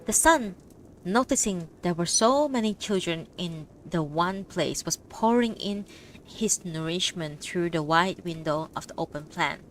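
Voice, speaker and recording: Woman audiobook reader: measured, lively pitch, faint background hiss. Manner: measured reading. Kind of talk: audiobook narration.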